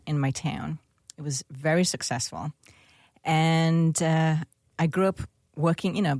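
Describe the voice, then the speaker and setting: A woman's voice: low-pitched, darkish tone, dry recording, studio quality. A middle-aged woman from England, a guest in an interview, telling her story in a friendly way. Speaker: podcast guest, business owner. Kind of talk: interview conversation.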